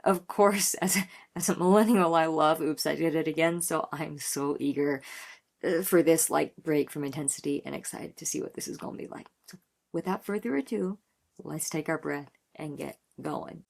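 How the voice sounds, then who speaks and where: Woman, thirties, lowish gravelly voice, chatty, gushing, filler-heavy reaction talk. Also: normal speed, darkish tone. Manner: effusive, chatty, many "like" fillers. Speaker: reaction channel host. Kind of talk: casual music reaction commentary.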